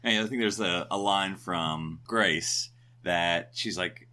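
A man's voice: low-pitched, steady tone, normal speed, sharp tone. A man in his forties from the United States, co-hosting a podcast in casual, digressive, upbeat chat. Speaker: podcast co-host.

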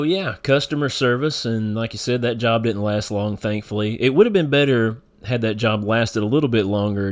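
Laughing Kentucky podcast host. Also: male voice, lowish voice. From Northern Kentucky. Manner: laughs often, rambling storyteller. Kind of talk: casual chat.

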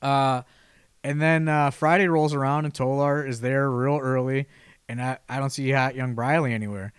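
A man's voice: medium pitch, fairly even intonation, normal speed, clean tone, dry recording, clean studio sound. A man hosting a casual podcast chat, telling a long, rambling anecdote with lots of "you know" and false starts. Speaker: podcast host telling a story.

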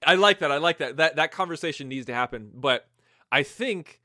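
A man co-hosting a podcast, chatting casually and brainstorming ideas out loud. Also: a little high, expressive, brisk, no echo, studio quality. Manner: brainstorming, acts out scenes in quoted voices. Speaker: podcast co-host. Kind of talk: casual fan chat.

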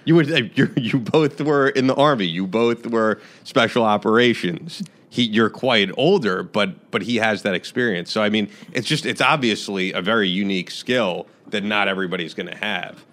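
A man's voice: on the low side, normal speed, few pauses, fairly bright tone. A man hosting an interview, chatting with his guests and laughing easily. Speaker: podcast host. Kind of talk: interview chat.

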